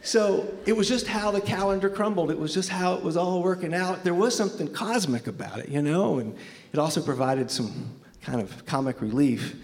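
Here the Memphis storyteller's voice is high, lively and slightly mellow, moving at a normal speed. Onstage he shares a personal tale with dry, self-mocking humor in a conversational tone, though nerves leave him a little shaky. The hall adds a long reverb.

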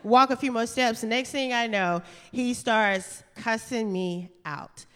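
A woman telling a funny true story on stage, chatty and animated, laughing through her lines. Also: fairly high pitch, unhurried, clean tone. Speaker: storyteller and stand-up comedian. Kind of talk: live comedic storytelling. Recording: reverberant hall.

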